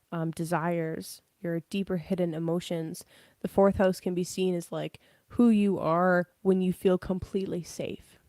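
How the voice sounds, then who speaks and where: A woman's voice: on the low side, warm tone, no room sound, clean studio sound. A young woman giving a casual live tarot reading, chatty, laughing often and swearing freely. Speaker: tarot reader.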